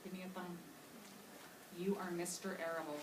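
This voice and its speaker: A woman's voice: on the low side, fairly even intonation, normal speed. Woman teacher in an echoey classroom. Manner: patient, explanatory, models voices for children. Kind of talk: classroom reading lesson. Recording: echoey classroom from far off with loud noise.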